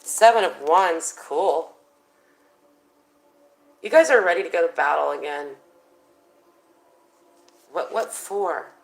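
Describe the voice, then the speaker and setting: A woman's voice: on the low side, animated, slow pace, vocal fry, pauses often, a little hiss or hum, poor audio. A woman doing a casual tarot reading, chatty and thinking aloud with plenty of fillers. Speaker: tarot reader.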